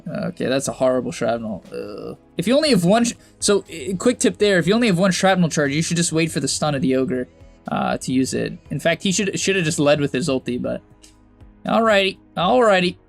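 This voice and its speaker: A young man coaching over a game replay in casual, chatty commentary that bursts into exasperated shouts and laughter. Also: a little high, lively intonation, brisk, gravelly, soft background music.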